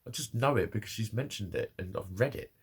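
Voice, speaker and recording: A man's voice: fairly low pitch, expressive, fairly quick, breathy edge. A man ranting angrily to camera about an online argument, swearing often and repeating himself in an agitated way. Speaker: vlogger. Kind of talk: angry personal rant to camera.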